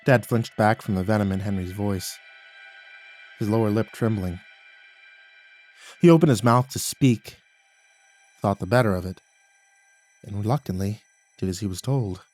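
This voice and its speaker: Hushed male horror storyteller. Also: on the low side, moderate pace, pauses often, faint music behind. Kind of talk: first-person horror storytelling.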